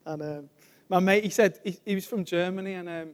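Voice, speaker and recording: A man, a church evangelist giving an informal sermon, telling stories in a chatty way and trailing off softly. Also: sits high, brisk. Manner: chatty storytelling, laughs often, trails off softly.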